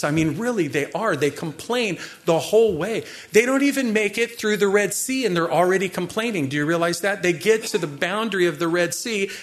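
A man preaching a sermon, animated and conversational, pushing his voice higher and louder for emphasis and addressing the congregation directly. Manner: animated, rising in pitch and volume for emphasis.

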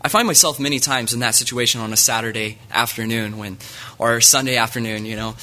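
A man's voice: mid-range voice, steady tone, fast, bright, forceful tone. A man preaching a sermon in an earnest way, reading scripture aloud to his listeners.

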